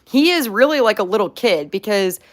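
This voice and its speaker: Casting: young woman vlog host, chatty and upbeat, heavy "like" fillers, mid pitch. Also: expressive, normal speed. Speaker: pet pig owner, channel host. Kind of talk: casual chat answering viewer questions.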